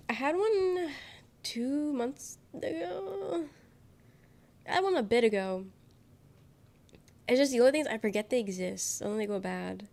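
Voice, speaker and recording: A young woman with a mid-range, darkish voice streams live despite being sick, so she sounds nasal and congested. Casual and rambling with her viewers, she giggles often and swears readily.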